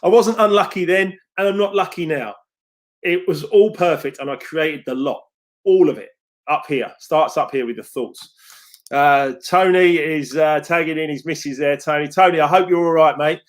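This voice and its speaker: A man coaching viewers over a live stream, upbeat and chatty, greeting people by name and calling them mate. His voice sits a little high for a man. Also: normal speed. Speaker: success coach. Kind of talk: live-stream chat reading viewer comments.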